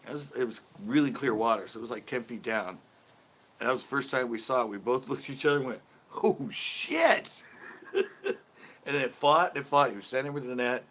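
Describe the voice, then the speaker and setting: A man chats casually on a livestream after a show. He tells stories in a relaxed way, laughs a lot and breaks into animated impressions of his friends. His voice sits at an average pitch. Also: fast talker. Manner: laughing often, animated when quoting others. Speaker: livestream host. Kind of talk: casual storytelling chat.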